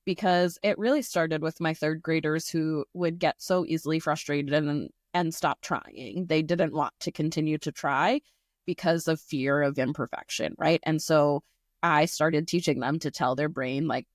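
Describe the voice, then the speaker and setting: A woman's voice: deep voice, normal speed, no room sound, clean studio sound. A woman who teaches, chatting casually and telling a classroom story with lots of fillers. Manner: animated storyteller, many "like" fillers. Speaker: podcast co-host, teacher.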